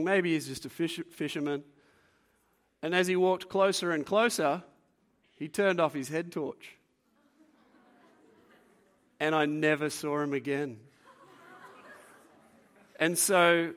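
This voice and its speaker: A young man preaching to a youth group, telling stories in a lively way and acting out what people said. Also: a little high. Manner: animated storyteller, acts out quotes. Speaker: youth pastor. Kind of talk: youth sermon with storytelling. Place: room with a live audience.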